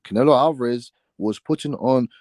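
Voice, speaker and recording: A man with a mellow, darker voice arguing in a casual chat, dry and close to the mic. He mocks his opponent and cuts over him again and again. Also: medium pitch, brisk, no room sound. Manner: mocking, argumentative, talks over others. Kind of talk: heated casual debate.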